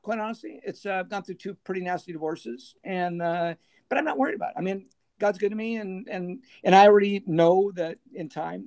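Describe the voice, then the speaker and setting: A middle-aged man, a former band manager, telling lively anecdotes in a casual interview and laughing as he goes. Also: high-pitched, creaky. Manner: animated anecdotes, laughing, acting out others' voices.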